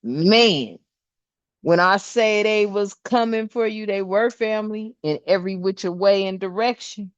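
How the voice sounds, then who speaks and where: A woman's voice: medium pitch, measured pace, no room sound, lo-fi sound. A woman doing a casual spiritual tarot card reading, chatty and emphatic, with slangy asides and frequent laughs.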